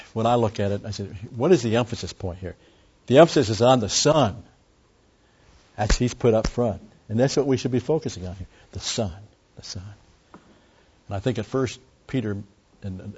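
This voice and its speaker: A man with a husky, lowish voice teaches through a passage as a pastor, talking casually and doubling back on himself. The recording is dull and lo-fi. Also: darkish tone. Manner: conversational, with frequent asides and restarts. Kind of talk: expository sermon.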